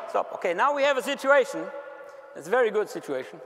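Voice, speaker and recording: A German-accented coach with a voice that sits high leads players through defensive drills at a clinic in a big indoor basketball gym. The recording has a little hiss or hum and a long echo, with balls bouncing behind his calm explanations and short, repeated shouted commands.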